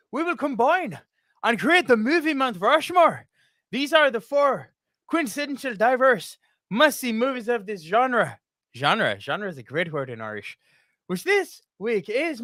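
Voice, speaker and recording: A podcast host putting on a deliberately overdone Irish accent as a joke, delivering an introduction theatrically. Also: male voice, very high voice, fairly bright tone, no room sound, studio quality, pitched above the performer's own voice, full character voice. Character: jokey man in an exaggerated Irish accent.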